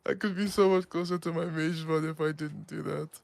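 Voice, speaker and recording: A man's voice: fairly high pitch, fairly even intonation, fairly quick, vocal fry, dry recording. A young man streaming a game, chatting casually with a friend, joking and laughing often. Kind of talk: casual gaming chat.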